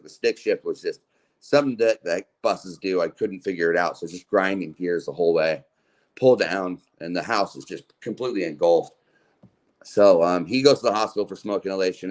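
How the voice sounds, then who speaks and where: A man from Utah, a podcast guest, telling long casual stories in a laid-back, slangy way, full of "like" and swearing. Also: low-pitched. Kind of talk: casual storytelling.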